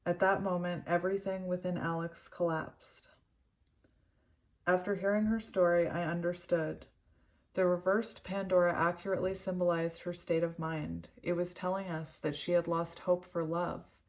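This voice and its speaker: A young woman doing a tarot reading, reading card meanings and a story aloud in an earnest, gentle way. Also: lowish voice, level tone, moderate pace. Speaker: tarot reader.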